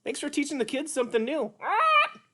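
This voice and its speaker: A man's voice: extremely high pitch, wildly swooping pitch, a little fast, sharp tone, voice pushed up, heavily acted. A man voicing a sweet, eager little male winged puppet creature in a puppet show for kids, talking in a childlike, pleading way.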